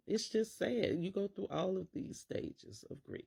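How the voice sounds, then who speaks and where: A woman's voice: mid-range voice, unhurried, vocal fry, few pauses, mellow, slightly rough. A middle-aged woman, a teacher and parent, talking casually to camera and acting out worried inner voices in quotes.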